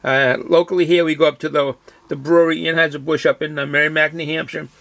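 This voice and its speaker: A man's voice: on the high side, flat delivery, quick pace, creaky, fairly bright tone. A man with a Boston accent reviewing a beer in casual, rambling talk with many fillers and restarts.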